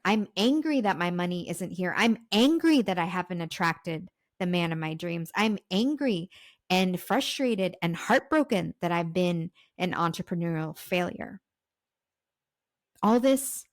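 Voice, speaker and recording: A woman's voice: fairly low pitch, animated, measured pace, no echo. A young adult woman hosts her own podcast in a confessional monologue. Her talk is raw, circling and peppered with swearing, and her throat is sore. The recording is close and dry, with no room sound. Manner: raw and emotional, swearing, repeating phrases. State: throat sore while sharing. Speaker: podcast host and self-love coach.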